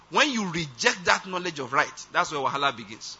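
A man's voice: fairly high pitch, very animated, a little fast, hardly any pauses, sharp tone, slightly rough. A man preaching a sermon, emphatic and often checking that his listeners follow. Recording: dull lo-fi recording.

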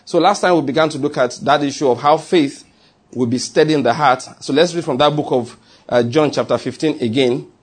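Husky man preaching a sermon. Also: on the high side, a little fast. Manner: conversational preaching, repeats key phrases, asks the congregation questions. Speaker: pastor.

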